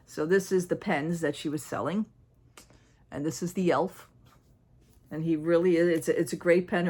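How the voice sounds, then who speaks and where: A woman in casual show-and-tell chat, rambling and restarting as she shows off bargain jewelry. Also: low voice. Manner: chatty, rambling, with frequent restarts and fillers. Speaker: haul vlogger.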